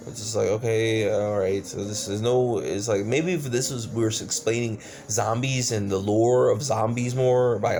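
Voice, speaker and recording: A man's voice: mid-range voice, darkish tone. A man giving a casual, exasperated movie review, swearing often and stumbling over fillers. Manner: exasperated, profane ranting with many fillers.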